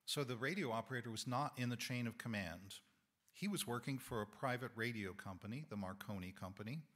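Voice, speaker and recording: In a church sanctuary, a man delivers reflective sermon talk as a lay speaker, his voice hoarse and giving out. His medium-pitched delivery is expressive and slightly bright, thoughtful and measured, with minor self-corrections.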